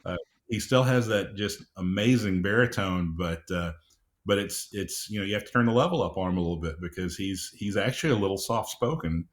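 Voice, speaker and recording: Deep-voiced middle-aged man, measured. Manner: measured, unhurried, frequent uh and restarts. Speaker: audiobook producer, guest. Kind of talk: casual interview chat.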